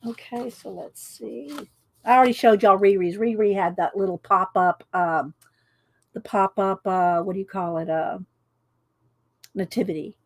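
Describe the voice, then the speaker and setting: A woman's voice: mid-range voice, fairly even intonation, normal speed, no room sound. A woman, chatting casually on a livestream and reading cards aloud, stumbling over names as she goes. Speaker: channel host.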